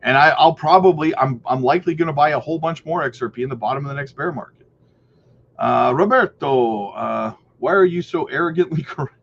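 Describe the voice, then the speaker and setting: A man talks loosely on a crypto livestream, rambling and answering viewers' questions. His voice sits a bit high. The recording is slightly muffled, with faint noise behind it. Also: fairly quick, creaky, a bit bright. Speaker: crypto channel host. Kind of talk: casual livestream chat and news reading.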